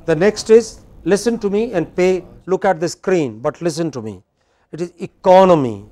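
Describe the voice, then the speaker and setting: A man teaching English word stress in a classroom, patiently modelling words slowly and prompting his learner. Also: high voice, sing-song, mellow. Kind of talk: classroom drill lesson.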